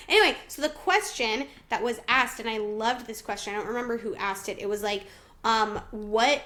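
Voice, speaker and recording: A woman's voice: on the high side, fairly bright tone, a little hiss or hum. A young woman in her twenties co-hosting a podcast, talking earnestly and eagerly and jumping in often. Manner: earnest, enthusiastic, quick to interject. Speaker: podcast co-host. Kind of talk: casual chat.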